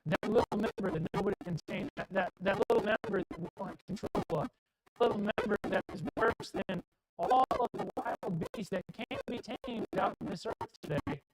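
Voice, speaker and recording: A man's voice: high-pitched, a little fast, over loud music, rough recording. A man preaching a sermon in a church, with an emphatic, repetitive cadence. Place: church sanctuary.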